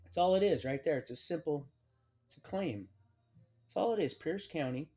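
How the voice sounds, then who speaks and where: Speaking at a normal speed, this livestream host has a slightly high, mellow, husky voice with lively intonation. His personal story wanders, often restarting or trailing off, as he reads documents out loud and drops dry comments along the way.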